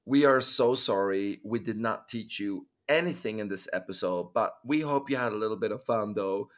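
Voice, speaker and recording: A man's voice: on the low side, normal speed. Easygoing man podcast co-host. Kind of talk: casual chat.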